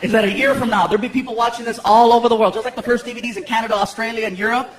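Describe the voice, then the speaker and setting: High-voiced man doing stand-up. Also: racing. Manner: animated storytelling. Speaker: stand-up comedian. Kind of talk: stand-up comedy routine. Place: large theater stage. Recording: live concert with loud crowd. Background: roaring audience laughter.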